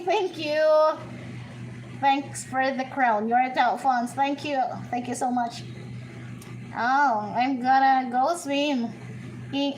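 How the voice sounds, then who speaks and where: A woman's voice: sits high, a little mellow, a little hiss or hum, rough recording. A woman with a Filipino accent, chatting during a livestream vlog, coaxing her pet bird and thanking viewers in a playful way. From Philippines. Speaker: vlogger hosting a livestream. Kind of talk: casual live chat.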